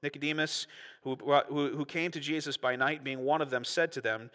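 A man's voice: a little high, fairly even intonation, normal speed, bright, forceful tone, in a large hall. A man preaching a sermon as pastor, earnest and conversational, often restarting and repeating words.

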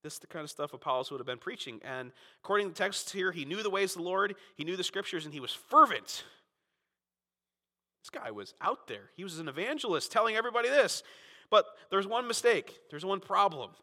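Man from Florida, pastor's sermon, emphatic, bright forceful tone, long church reverb. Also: lively intonation, brisk. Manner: emphatic, rising to fervent peaks then dropping low.

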